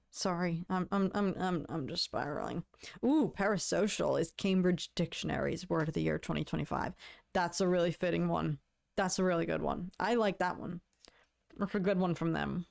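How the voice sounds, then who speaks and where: A woman hosting a laid-back livestream rambles to her audience, stammers before restarting, and laments with playful mock drama. Her fairly low, gravelly voice keeps a moderate pace.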